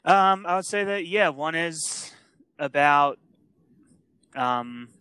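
A young man with a crisp, smooth, bright voice, recorded dry and close to the mic. He co-hosts a casual podcast and states his opinions bluntly, with frequent laughter. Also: a little high, lively intonation, slow, dry recording. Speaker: podcast co-host.

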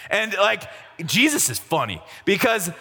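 A man's voice: sits high, very animated, measured pace, pushed and bright, husky. A young man telling a Bible story as a comic youth sermon, jokey and slangy. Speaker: youth speaker. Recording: reverberant hall.

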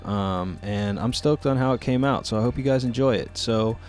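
A man's voice: medium pitch, fairly even intonation, a little fast, a little mellow, soft background music. A man hosting a podcast in a casual, rambling chat, stoned and loose, talking into a mic at home. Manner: loose and rambling, full of fillers. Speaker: podcast host. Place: room at home overlooking the city. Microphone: studio mic with headphones.

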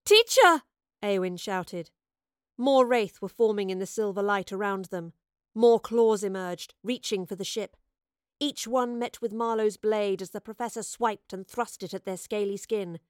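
A woman narrates a fantasy audiobook with expressive, dramatic delivery. Her voice sits at a middle pitch. The recording is close and completely dry, with no room sound. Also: normal speed, smooth, no room sound.

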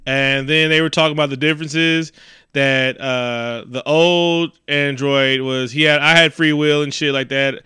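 A man recapping a movie in a casual, profane way, animated and acting out the scenes. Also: on the high side, a little slow, clear, resonant tone, dry recording, studio quality. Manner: animated, swears heavily, acts out scenes.

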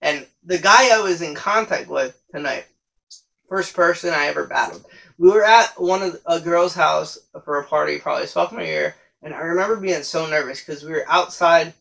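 A man's voice: a little high, moderate pace, vocal fry, pushed and bright, rough recording. A young man telling stories in a casual, rambling podcast monologue, with frequent profanity and self-corrections. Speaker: podcast host.

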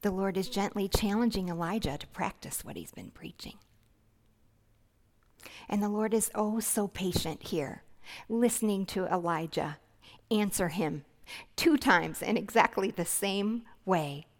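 A woman delivers a reflective sermon in a gentle, earnest voice. She speaks slowly and deliberately, at a pitch neither high nor low, with some soft hushed passages. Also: expressive. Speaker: preacher.

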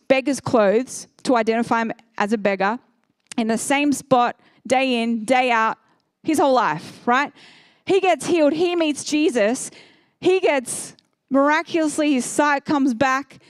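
A woman in her thirties preaching a sermon as a pastor, telling stories in an animated way and acting out the people in them. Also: sits high, unhurried, clear, resonant tone, dry recording, clean studio sound. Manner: animated storyteller, acts out characters.

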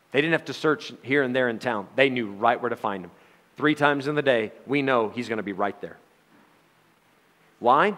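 A man's voice: medium pitch, fairly bright tone, big-room sound. Man preaching a casual Bible study. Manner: conversational, asks rhetorical questions, laughs, sarcastic asides. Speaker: Bible teacher.

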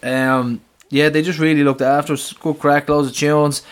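A man's voice: fairly high pitch, level tone, normal speed, clean tone. A man with an Irish accent co-hosting a fan podcast, chatting in an easygoing way. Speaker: podcast co-host. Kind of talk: casual chat.

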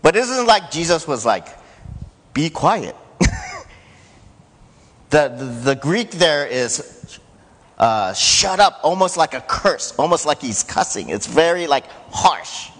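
A man preaching a sermon to his church in a conversational way, rising loud when he quotes. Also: a little high, very animated, unhurried. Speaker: pastor. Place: church sanctuary. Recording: church hall reverb.

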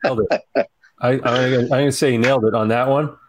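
A man's voice: mid-range voice, fairly even intonation, fast talker. A man hosting a podcast quiz game, in playful, casual banter with friends. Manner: playful quizmaster, laughs often.

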